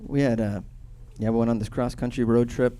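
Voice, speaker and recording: A man in his thirties from Boston doing a stand-up comedy set, telling a loose, profane story with sudden loud bursts. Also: mid-range voice, steady tone, a little fast. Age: 30s.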